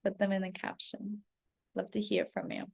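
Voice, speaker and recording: Woman coach in her thirties, middle pitch with gravelly fry, blunt and chatty. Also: moderate pace. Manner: candid, heavy swearing, animated self-talk. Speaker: self-development coach. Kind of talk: casual spoken storytelling to followers.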